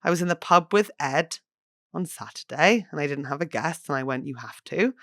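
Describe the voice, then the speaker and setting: A young woman hosting a comedy podcast, chatting in an animated, self-mocking way and swearing freely. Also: sits low, moderate pace. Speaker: podcast host. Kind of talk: casual comedic chat.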